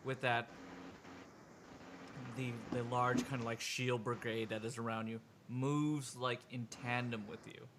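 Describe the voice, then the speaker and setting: Game master with a humming background. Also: male voice, mid-range voice, level tone, measured pace, noisy background. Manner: loose, filler-heavy narration. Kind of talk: narrating a tabletop game.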